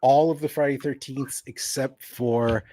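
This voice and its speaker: A man's voice: mid-range voice, steady tone, measured pace, dark tone. A man, a guest writer, chatting casually on a podcast, joking and rambling in fits and starts. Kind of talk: casual chat.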